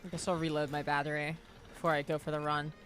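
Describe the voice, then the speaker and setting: A woman's voice: sits low, level tone, fast, fairly bright tone, a little hiss or hum. A young woman streaming a horror game, rambling and joking casually with her chat between moments of play. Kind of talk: casual gameplay commentary.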